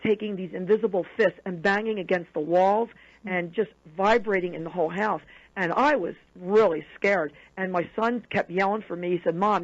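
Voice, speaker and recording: A woman of middle pitch tells a personal story as a radio guest. She acts out the quoted voices with lively retelling. The broadcast audio sounds dull and lo-fi.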